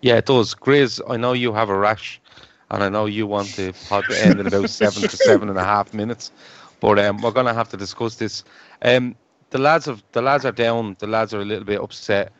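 A man's voice: fairly low pitch, steady tone, fairly quick, a bit bright, a little hiss or hum. A man hosting a casual football podcast with his mates, swearing freely and teasing the others. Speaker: podcast host. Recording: dull, dry lo-fi sound.

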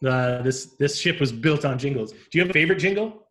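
A man's voice: medium pitch, expressive, fast talker, a bit bright. Easygoing man with dry asides. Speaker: podcast co-host. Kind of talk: casual comedic chat.

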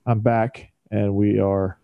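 A man's voice: on the low side, flat delivery, slow pace, creaky, smooth, no echo, muffled recording. A man co-hosting a sports podcast, joking and bantering playfully with his co-hosts. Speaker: podcast co-host. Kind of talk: casual sports podcast chat.

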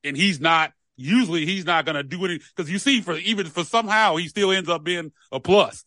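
A man's voice: high voice, fairly quick, pushed and bright, dry recording. A man co-hosting a sports podcast, talking in a rambling, easygoing way with repeated words. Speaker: podcast co-host. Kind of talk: casual sports chat.

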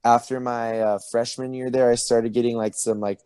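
A young man in his twenties from California, talking in a relaxed way with lots of fillers over a video call. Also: mid-range voice, normal speed, clean tone, no room sound. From Oceanside, California. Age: 20s. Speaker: guest. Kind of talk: casual interview.

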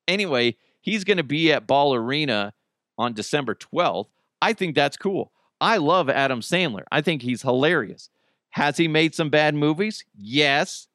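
A man's voice: on the high side, animated, normal speed, a bit bright, no echo, studio quality. A man hosting a radio show, chatting casually with rambling jokes and self-corrections. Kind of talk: casual on-air chat.

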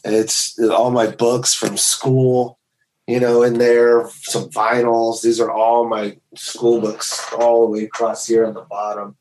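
A man's voice: mid-range voice, level tone, slow pace, darkish tone, rough recording. A man guesting on a podcast over a video call, talking in a laid-back, rambling way. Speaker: guest, bass tech. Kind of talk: casual chat.

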